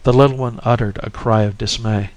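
A man narrating a classic short story in a measured, expressive reading. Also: medium pitch, rough recording.

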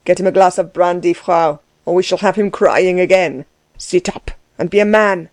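A woman's voice: fairly low pitch, fairly even intonation, normal speed, no room sound, close to an everyday voice. A woman doing a bossy, mocking German landowner. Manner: loud, bossy, laughing scorn. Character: blustering middle-aged German man, mocking and domineering.

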